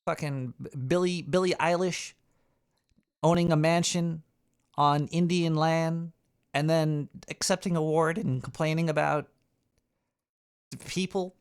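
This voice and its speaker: A man's voice: on the high side, fairly even intonation, unhurried, long pauses, clear, resonant tone. A man hosting a talk show, ranting in a rambling, profane way with frequent stammering and restarts. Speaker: radio show host.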